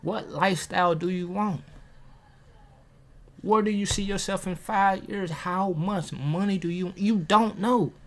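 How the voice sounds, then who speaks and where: A man's voice: high-pitched, measured pace, fairly bright tone. Preachy man firing questions at viewers. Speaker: motivational video host. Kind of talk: casual motivational talk to camera. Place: at a table, self-filmed. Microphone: camera on a table.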